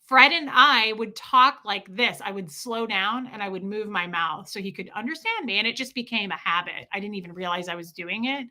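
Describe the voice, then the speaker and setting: A woman hosting a livestream, answering viewer questions in a casual, animated, rambling way. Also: mid-range voice. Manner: animated rambling storytelling, quick bursts. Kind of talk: casual chat.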